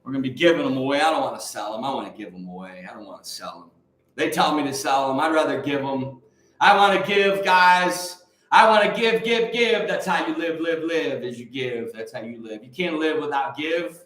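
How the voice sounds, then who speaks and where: A man telling church stories to a live chat, swinging between quiet asides and shouted revival fervor. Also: mid-range voice, lively intonation, brisk, reverberant. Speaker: livestream host. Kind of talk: preacherly storytelling to a live chat.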